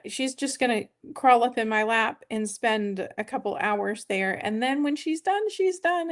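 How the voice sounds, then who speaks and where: Hosting a laid-back weight-loss live stream from her house, a woman speaks with a slightly raised pitch. Her talk wanders chattily as she calls out viewers by name and offers her thanks.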